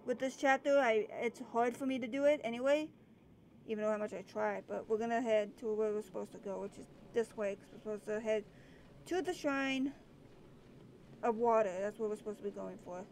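A woman with a fairly high voice talks her way through a game in easy, chatty commentary. She keeps up a running stream of remarks and now and then calls out to the characters on screen. A faint hiss sits under her voice. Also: fairly quick, a little mellow. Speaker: let's play gamer. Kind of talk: casual gameplay commentary.

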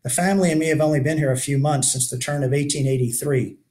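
A man's voice: fairly high pitch, fast, a little mellow, natural voice. A man reading aloud and voicing a weary, rugged older male keeper of a shipwreck shelter who talks in a folksy, lamenting way. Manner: folksy backwoods grammar, lamenting.

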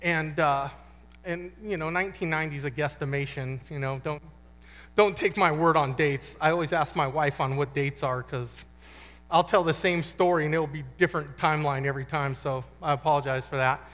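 Brisk and a little bright, his voice sits on the high side with fairly even intonation. He's a man in his fifties and a guest speaker at a men's conference, telling his testimony in a casual, slangy way and acting out the quotes, while the large conference hall rings with long reverb.

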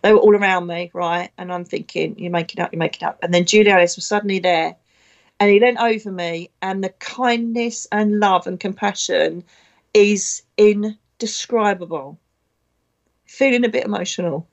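A woman's voice: mid-range voice, moderate pace. Woman, middle-aged, medium, blunt and chatty, slightly dull recording. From Britain. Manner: blunt, chatty, emotional storyteller. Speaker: psychic medium. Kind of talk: casual spiritual talk.

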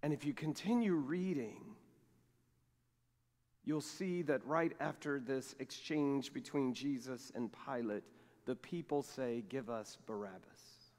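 A man's voice: mid-range voice, slow. Man preaching in a reverberant sanctuary. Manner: animated storytelling, acts out quoted dialogue. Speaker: pastor. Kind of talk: sermon with storytelling. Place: large church sanctuary. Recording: long reverb of a church sanctuary.

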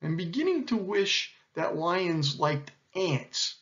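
A man's voice: high voice, big pitch swings, slow pace, a bit bright, voice pushed up, exaggerated voice. A man voicing a proud, fussy male anteater with a chirpy, sing-song manner. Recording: dull lo-fi recording.

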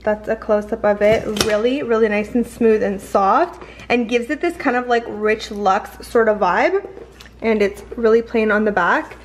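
A woman's voice: fairly high pitch, unhurried. A young woman from Canada talking through a clothing haul in a gushing, chatty way with lots of fillers. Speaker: fashion haul vlogger. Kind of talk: casual haul vlog chat.

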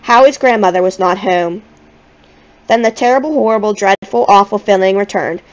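A woman reading a children's novel aloud in a gentle, expressive storytelling manner. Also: medium pitch, normal speed, muffled recording. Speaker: audiobook reader.

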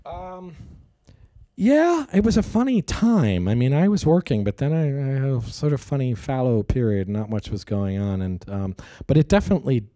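A man's voice: medium pitch, sing-song, normal speed, warm tone, dry recording, clean studio sound. A middle-aged man answering interview questions in a casual, hesitant way, acting out people he quotes. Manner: hesitant, restarts, acts out quoted voices animatedly. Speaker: actor interviewee.

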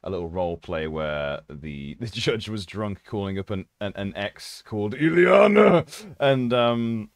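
An excitable male host chats casually and laughs often. His voice is gravelly and moves animatedly in pitch, and the recording is dry and close. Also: measured pace, no echo. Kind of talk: casual interview chat.

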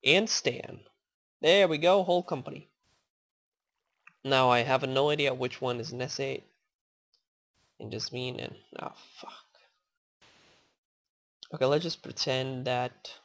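A woman casually commenting while she plays, rambling, thanking viewers and coaxing in-game animals aloud, swearing in sudden excited outbursts. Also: very deep voice, slow, pauses often. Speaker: gaming channel host.

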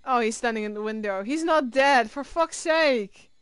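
Flustered young woman streamer, high voice. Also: normal speed, clean tone, no echo. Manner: flustered, rambling, swears often. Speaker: game streamer. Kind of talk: live gameplay commentary. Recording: game music loud under voice. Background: loud game music.

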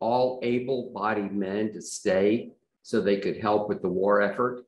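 A man hosting an interview, putting measured, prompting questions to his guest. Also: fairly low pitch, darkish tone. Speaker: host. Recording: roomy echo.

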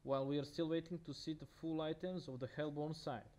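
A man's voice: a little high, steady tone, fairly quick, darkish tone. A man with a Russian accent casting a video game match by himself, talking casually with many fillers and restarts. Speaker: esports caster. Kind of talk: solo game commentary.

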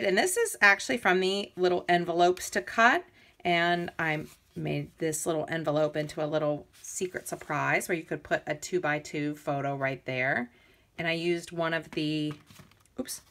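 Woman, lower register, casual enthusiastic crafting show-and-tell, loose and chatty. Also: a bit bright. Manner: chatty and enthusiastic, with fillers and restarts. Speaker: crafter demonstrating a scrapbook album.

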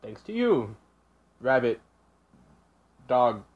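A man with a husky voice talks casually over a reaction video, sarcastic and quick to curse. His pitch jumps around a lot, and the recording sounds dull and lo-fi. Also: big pitch swings. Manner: sarcastic, swearing, exasperated.

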